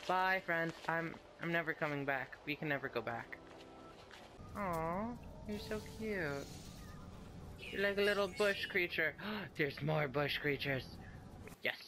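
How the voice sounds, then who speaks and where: A man's voice: on the high side, measured pace, background noise. A man giving casual, playful commentary while playing a game and chatting to the creatures on screen. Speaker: gaming video host.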